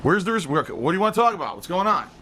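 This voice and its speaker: A man's voice: sits high, sing-song, very fast, a little hiss or hum. A man livestreaming and talking straight to his viewers in a heated, profane rant. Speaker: live streamer. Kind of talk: ranting stream commentary. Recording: loud music playing over the voice.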